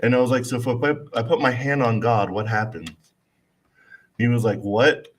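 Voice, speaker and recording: A man's voice: mid-range voice, fairly even intonation, normal speed. A man telling a casual, laid-back story on a talk show, acting out the people he quotes. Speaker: co-host telling weekly stories.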